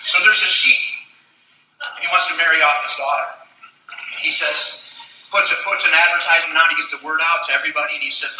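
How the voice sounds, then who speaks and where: High-voiced, bright, energetic man on stage. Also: fairly quick. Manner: energetic, swings to shouting at story climaxes, quizzes the audience. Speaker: convention speaker. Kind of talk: motivational storytelling speech. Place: large convention hall. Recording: echoey hall, distant mic.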